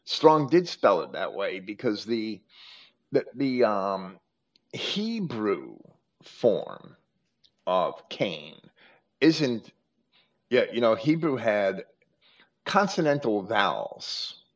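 A man hosting a scripture study, explaining at length in a deliberate way with frequent hesitations and restarts. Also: on the low side, very animated. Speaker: host. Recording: muffled lo-fi recording.

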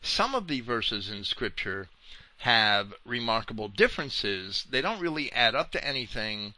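A man preaching through scripture at an unhurried pace, his tone sharp and forceful. His pitch climbs and drops widely as he presses his points, and the sound is close and dry. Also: big pitch swings, dry recording. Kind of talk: slow verse-by-verse Bible commentary.

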